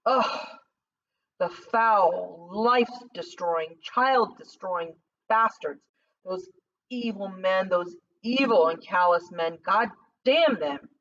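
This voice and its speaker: A woman voicing a weary, volatile male town doctor in an audiobook, brisk with sudden rages. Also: lowish voice, fairly even intonation, natural voice. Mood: anguished, raging. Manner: brisk, then raging outbursts. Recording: slightly distant dull lo-fi recording.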